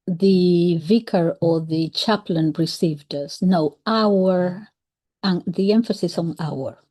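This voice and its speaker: A woman giving measured, analytical commentary on a historical book, with occasional soft whispered asides. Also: lowish voice. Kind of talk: reflective commentary.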